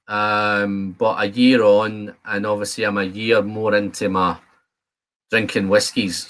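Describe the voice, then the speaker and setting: A man's voice: mid-range voice, a bit bright. Chatty man hosting a stream. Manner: chatty, rambling, self-deprecating. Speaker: whisky channel host. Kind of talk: casual live-stream chat. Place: home studio.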